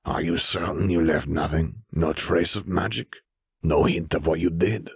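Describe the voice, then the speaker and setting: A cold wizard leader speaks in a deep, measured, clipped way, as a male narrator voices him. The recording is dry and close. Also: slightly rough, dry recording, full character voice. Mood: stern.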